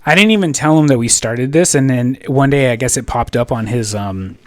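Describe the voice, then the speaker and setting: A young man from California co-hosts a casual podcast chat, talking a little fast in a medium-pitched voice with no room sound. His story rambles, full of profanity and filler words.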